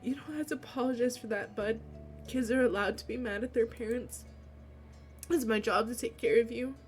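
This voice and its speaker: A woman voicing a caring middle-aged father, read in a calm, reassuring way. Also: a little high, moderate pace, faint music behind, natural voice.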